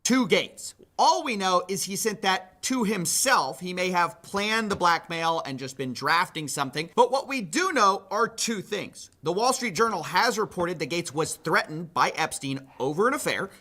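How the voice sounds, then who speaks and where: A man's voice: high voice, lively intonation, normal speed, few pauses, pushed and bright. A man hosting a commentary show, reading out reports and quotes with sardonic asides. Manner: sardonic, reads quotes aloud. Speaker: commentary host.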